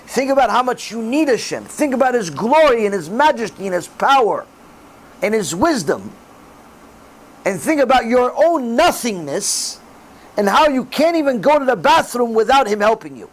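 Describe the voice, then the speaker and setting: A middle-aged man giving a religious class in sermon style, animated and acting out the voices he quotes. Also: extremely high pitch, normal speed, rough recording. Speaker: rabbi giving a Torah class.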